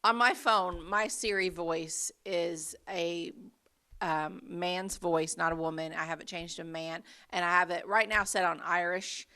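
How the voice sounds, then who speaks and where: A woman co-hosts a relaxed podcast, easygoing and quick with agreeing murmurs. Her somewhat low voice is bright with plenty of gravelly fry. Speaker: podcast co-host. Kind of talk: casual chat.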